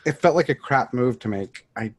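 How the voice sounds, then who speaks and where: A man's voice: mid-range voice, animated, moderate pace. Opinionated man in casual chat. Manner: opinionated, firm. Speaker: podcast co-host.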